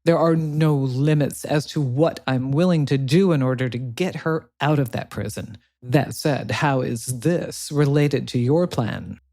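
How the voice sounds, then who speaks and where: A man's voice: mid-range voice, unhurried, hardly any pauses, warm tone, no room sound, natural voice. A man voicing a Russian colonel in an audiobook, curt and condescending.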